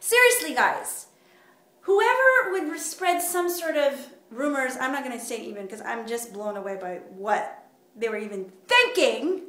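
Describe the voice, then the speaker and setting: A woman with a high voice vlogs straight to her viewers, animated and indignant, stumbling through fillers and restarts. Her voice bounces around an echoey room. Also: normal speed. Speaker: vlogger. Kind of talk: casual direct-to-camera vlog.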